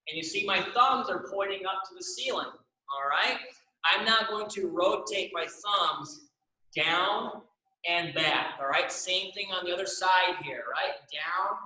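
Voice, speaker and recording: A man's voice: high-pitched, pushed and bright. A young man teaching an exercise class, guiding stretches with countdowns and frequent "all right?" check-ins in a studio room. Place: dance studio room, indoors. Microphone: camera in the room, turning away at times. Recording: echoey room.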